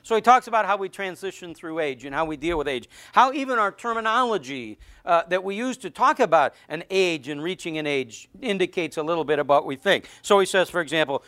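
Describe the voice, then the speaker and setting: A middle-aged pastor with a high voice delivers a sermon in a chatty, joking way and often restarts his sentences. The sound is dry and close, with little room echo. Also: pushed and bright. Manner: conversational, joking, with stammered restarts.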